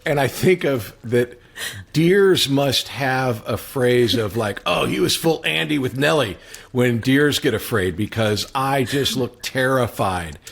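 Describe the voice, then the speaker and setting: A man guest on a podcast, chatting casually and telling stories with animated reflection. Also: mid-range voice, creaky. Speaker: guest actor. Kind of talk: casual chat.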